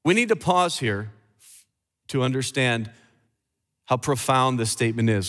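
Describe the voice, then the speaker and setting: A man preaching a sermon as pastor, emphatic, with dramatic pauses. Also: a little high, sing-song, fairly bright tone, big-room sound.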